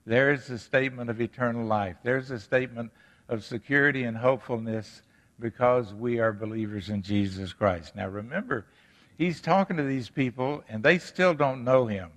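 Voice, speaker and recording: A man's voice: mid-range voice, moderate pace, a bit bright, long reverb tail. A man preaching a sermon to his congregation, earnest, asking rhetorical questions and reading scripture aloud. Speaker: pastor. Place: church sanctuary.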